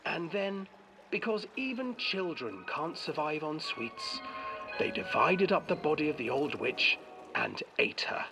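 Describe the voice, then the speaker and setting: A man tells a grim fairy tale in a hushed, ominous voice, drawing the story out slowly. His voice carries a gravelly rasp and rises and falls widely, with game music playing behind him. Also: on the high side, very animated, low-quality recording. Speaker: storyteller narrator. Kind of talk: scripted fairy-tale narration.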